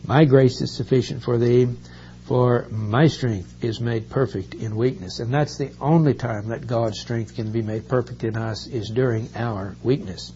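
A man preaching a sermon, reading Bible verses and explaining them earnestly, often drawing out key words slowly. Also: medium pitch, fairly even intonation, warm tone. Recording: dull recording with faint hum.

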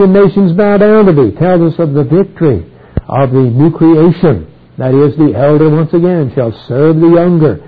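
A man with a husky voice teaching through a Bible passage verse by verse, reading each verse aloud and then explaining it. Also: a little high. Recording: tinny phone-like old recording.

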